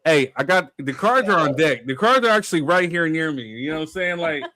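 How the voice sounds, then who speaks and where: A man's voice: fairly high pitch, brisk, a crowd in the background. A man hosting a casual live-stream chat, telling laughing stories and quoting others. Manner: laughing, animated storytelling with quoted voices. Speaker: host.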